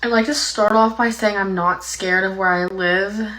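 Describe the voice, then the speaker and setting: On a rough recording, a young TikTok storyteller from Appalachia in the USA rambles through a story, leaning heavily on "like." Her voice is medium-pitched, steady and fairly bright, at a moderate pace.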